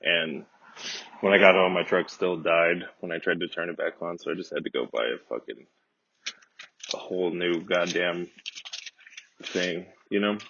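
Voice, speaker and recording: A man casually telling a rambling, profane, deadpan comedic story as a podcast host. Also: low voice, normal speed, pauses often, a little hiss or hum. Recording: dull lo-fi dry recording.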